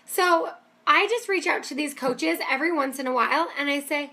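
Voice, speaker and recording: A woman's voice: sits high, moderate pace, creaky, bright, forceful tone. A woman giving an upbeat, emphatic motivational training talk as a business coach. She keeps checking in with her listeners with "okay?".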